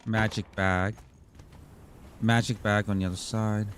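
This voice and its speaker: A man's voice: fairly low pitch, level tone, a little slow, a bit bright, slight background noise. A man streaming a game as a VTuber, talking in a rambling, casual way and swearing freely. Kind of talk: casual gaming livestream chat.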